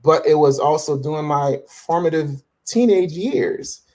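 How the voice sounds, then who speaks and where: A man's voice: fairly high pitch, unhurried, mellow. A man in his forties speaking as an interview guest, telling his faith story with self-assured conviction and plenty of restarts and fillers. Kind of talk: casual interview talk about faith.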